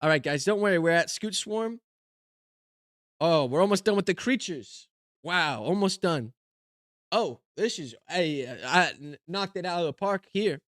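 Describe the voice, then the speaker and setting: A male comedian working through viewer-submitted card decks, muttering and rambling to himself as he goes. His voice sits slightly high and sounds dry and close. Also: expressive, measured pace, a bit bright, no room sound. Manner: rambling, talks to himself while scanning cards. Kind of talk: casual comedic commentary.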